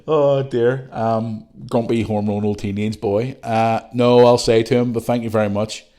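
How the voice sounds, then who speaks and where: A man's voice: mid-range voice, steady tone, moderate pace, mellow. A middle-aged man with a Northern Irish accent, hosting a podcast and chatting casually as he reads out listener messages, with jokey, rambling asides. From Northern Ireland. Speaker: podcast host.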